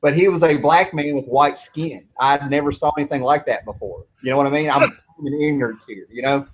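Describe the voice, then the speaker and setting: A man's voice: a little high, a little fast. Rambling man telling casual stories. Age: 30s. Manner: rambling, laid-back, swears freely. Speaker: show host. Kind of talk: casual storytelling chat. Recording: dull lo-fi with faint noise.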